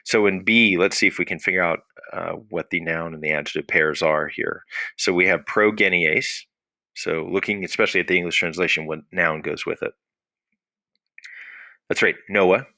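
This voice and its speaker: Deep-voiced man teaching a Latin lesson. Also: pushed and bright, no echo. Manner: explains patiently, asks questions and answers them himself. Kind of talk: recorded classroom lesson.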